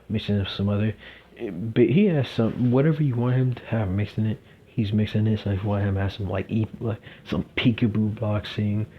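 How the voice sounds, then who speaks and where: A young man telling a fan-fiction story casually, rambling with lots of fillers, in a dull lo-fi recording. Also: fairly low pitch.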